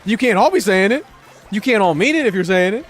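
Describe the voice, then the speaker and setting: High-voiced profane streamer man. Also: animated, fast talker, faint music behind. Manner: profane, sarcastic, rambling chat with viewers. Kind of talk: live-stream commentary while gaming.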